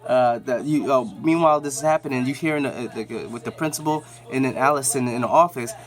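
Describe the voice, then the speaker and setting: A man casually recapping a TV episode, rambling with slang and fillers and acting out characters' lines. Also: quick pace. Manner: loose, rambling retelling with slang and many fillers; acts out characters' lines in raised pitch. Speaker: show recap vlogger.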